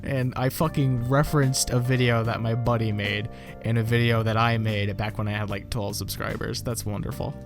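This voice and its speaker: A man's voice: mid-range voice, fairly even intonation, moderate pace, vocal fry. A young man talking loosely over his old videos, cursing freely and laughing at himself in a mid-range voice. Guitar music plays underneath him. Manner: rambling, swears often, self-mocking. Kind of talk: casual reaction commentary.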